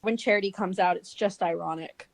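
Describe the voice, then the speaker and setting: A woman playing a tabletop game, animated and enthusiastic. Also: mid-range voice, brisk, creaky. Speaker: player.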